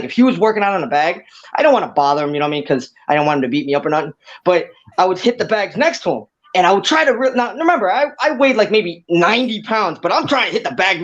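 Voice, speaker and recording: High, fast-talking excitable man. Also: lo-fi sound. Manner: excitable, animated storyteller who laughs mid-story. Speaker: fighter guest. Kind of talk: casual storytelling on a video call show.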